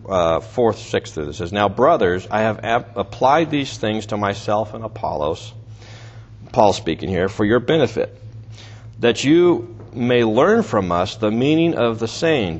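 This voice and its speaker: In a dull, lo-fi recording with a bit of background noise, a male preacher teaches a Bible passage in a conversational style full of restarts and asides. His voice is mid-range and slightly rough.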